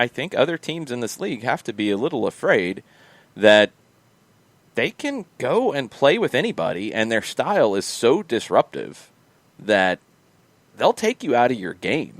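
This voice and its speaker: A man's voice: mid-range voice, big pitch swings, moderate pace, no room sound. A man hosting a sports podcast, talking casually through match results and thinking aloud with frequent ums. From United States. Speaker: podcast host.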